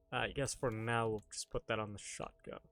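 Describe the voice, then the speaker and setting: A man's voice: fairly low pitch, a bit bright, a little hiss or hum. A man chatting casually to his live-stream audience while gaming, rambling, joking and swearing offhandedly.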